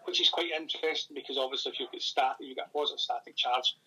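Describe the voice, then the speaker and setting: A Scottish man in casual interview chat, rambling and thinking aloud with many pauses. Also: medium pitch, fairly even intonation, pushed and bright, slightly rough, poor audio. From Scotland. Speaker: paranormal investigator and author.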